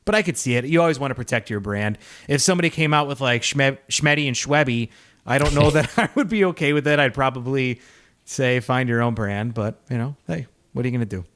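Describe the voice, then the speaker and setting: A man's voice: mid-range voice, brisk, fairly bright tone. A man co-hosting a casual beer-review podcast, upbeat and chatty, laughing often. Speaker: podcast co-host.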